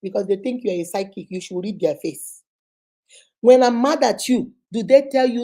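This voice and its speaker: A middle-aged woman with a Nigerian accent gives motivational life advice to camera in an animated, preachy way, acting out the people she quotes. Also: medium pitch, moderate pace, poor audio. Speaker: vlogger giving life advice.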